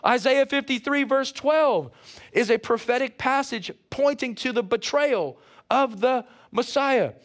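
Male pastor mid-sermon; high-set voice, lively and joking, keeps calling out to the church. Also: a little slow. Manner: animated preaching with playful asides; calls out to the congregation.

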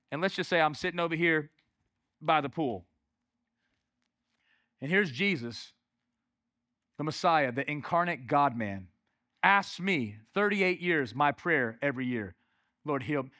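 A man preaching a sermon as pastor, emphatic and repetitive, swinging from loud to hushed. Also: fairly high pitch, dry recording, clean studio sound.

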